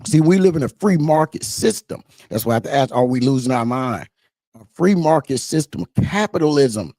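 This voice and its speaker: A man's voice: medium pitch, animated, moderate pace, dark tone, dry recording, studio quality. A middle-aged man, talking casually and preachily to his listeners about everyday issues, asking them rhetorical questions. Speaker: trucker commentator. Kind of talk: casual monologue.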